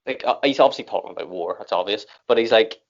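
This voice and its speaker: An Irish man talks quickly and casually, rambling through his thoughts with fillers and restarts. His voice sits fairly low. The recording sounds dull and lo-fi. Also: vocal fry. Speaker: reaction video host. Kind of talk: casual chat. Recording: dull lo-fi audio.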